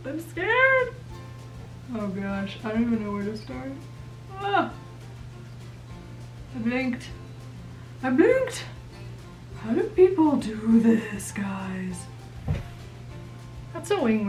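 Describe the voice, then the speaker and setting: A young woman doing her makeup on camera, chatting in a playful, self-mocking way. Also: a little high. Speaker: makeup vlogger. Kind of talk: casual chat. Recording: roomy echo, mic at a distance.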